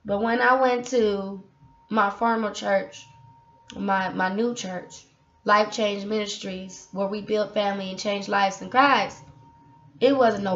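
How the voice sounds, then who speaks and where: A woman's voice: mid-range voice, takes it slowly, pauses often. Woman, casual testimony vlog, preachy and impassioned, echoey room, muffled lo-fi audio. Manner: impassioned, preachy, talks straight to viewers. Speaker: vlogger sharing faith testimony. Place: apartment room. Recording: roomy, dull lo-fi audio.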